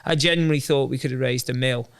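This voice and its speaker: Gravelly man chatting. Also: medium pitch, steady tone, fast talker. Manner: chatty, rambling, self-deprecating humor. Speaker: guest, endurance runner. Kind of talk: casual interview chat.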